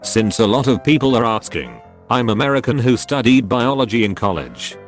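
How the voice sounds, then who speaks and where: A man narrating reddit stories in a steady, even scripted read. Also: medium pitch, normal speed, faint music behind.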